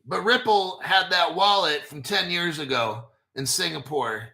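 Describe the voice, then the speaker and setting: A man's voice: a little high, unhurried, vocal fry, bright, forceful tone. A man hosting a live crypto show, talking casually and profanely, and bantering with himself as he reads articles. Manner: profane, talks back to himself.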